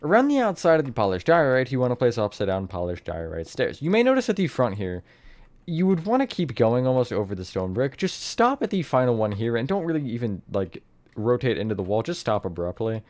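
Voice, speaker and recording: A man's voice: mid-range voice, big pitch swings, fairly quick, a little mellow. A young man narrating a casual building tutorial, rambling and hedging, often correcting himself. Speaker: Minecraft tutorial host.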